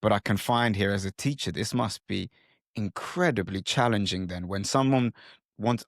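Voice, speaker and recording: Guy hosting a podcast, low voice, dry close mic, asks long curious questions. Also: normal speed, dry recording. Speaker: podcast host. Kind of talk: podcast interview. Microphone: studio podcast mic.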